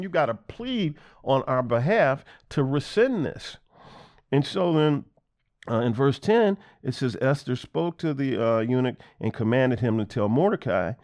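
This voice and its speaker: Guy reading bible verses then putting them in his own words, lots of uhs and restarts, regular middle pitch. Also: a little mellow. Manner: reads verses then retells them in plain everyday words; hesitant, with frequent ums, uhs and restarts. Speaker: Bible teacher. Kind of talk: casual scripture reading and commentary.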